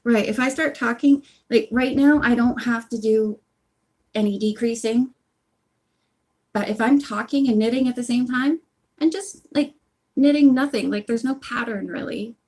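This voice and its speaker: A woman's voice: on the high side, a little slow. A woman casually chatting on a phone livestream at home while she knits, rambling with lots of asides. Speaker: audiobook channel host.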